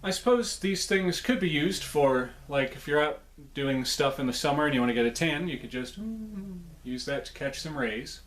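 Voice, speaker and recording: A man's voice: on the high side, expressive, moderate pace, a bit bright. A man reviewing snacks in a casual, chatty way, with playful jokes and asides.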